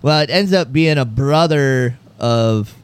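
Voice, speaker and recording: A man's voice: medium pitch, takes it slowly, smooth, dry recording. A man casually telling a rambling, profane anecdote to his co-hosts, acting out the other people's voices. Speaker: podcast co-host. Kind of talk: casual storytelling chat.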